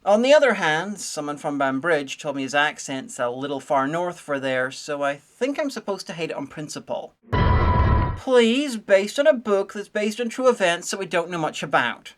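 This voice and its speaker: A woman giving a sarcastic, nitpicking comedic review, full of deadpan asides. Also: lowish voice, moderate pace. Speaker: video reviewer.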